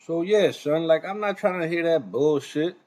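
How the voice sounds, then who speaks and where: A man's voice: on the high side, moderate pace, darkish tone. A man streaming a reaction video, ranting and confronting another streamer in a heated, profane way. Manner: confrontational, profane, calls the other man son.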